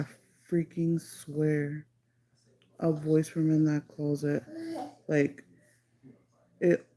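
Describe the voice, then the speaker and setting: A woman tells a story on a livestream in a very dark, mellow voice with a gravelly edge. Her delivery stays flat in pitch, and she rambles with constant "like" and bits of Spanish. She drags some words out slowly when stressing them. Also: rough recording. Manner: rambling, heavy use of "like", slips into Spanish. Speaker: livestreamer telling a ghost story.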